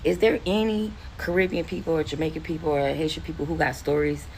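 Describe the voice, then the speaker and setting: A woman's voice: sits low, quick pace, a little hiss or hum, poor audio. A woman in her forties from Philadelphia, telling a casual storytime with lots of swearing. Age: 40s. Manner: animated, profane, rambling.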